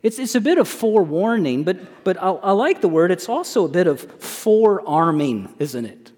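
A man's voice: sits high, big pitch swings, normal speed, a little mellow. A male pastor preaching a sermon, emphatic, often putting rhetorical questions to his congregation. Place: church sanctuary. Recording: long church hall reverb.

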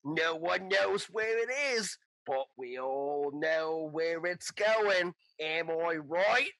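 A man putting on a loud boasting kobold head. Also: fairly high pitch, slow pace, creaky, no room sound, full character voice. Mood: boastful. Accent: put-on accent. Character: rowdy boastful male talking kobold head.

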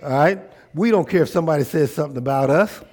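A husky-voiced male pastor preaches in a church, leading the congregation in call and response. His pitch sits a little high, and he swings from loud, excited preaching down to a hushed, low prayer voice. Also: fast talker. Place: church sanctuary.

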